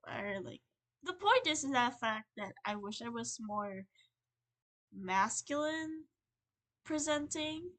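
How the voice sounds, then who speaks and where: A young woman talks casually on a livestream, her voice bright and fairly high. She rambles and halts, with many restarts, sounding earnest and emotional as she vents. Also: expressive, slow, pauses often. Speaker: streamer.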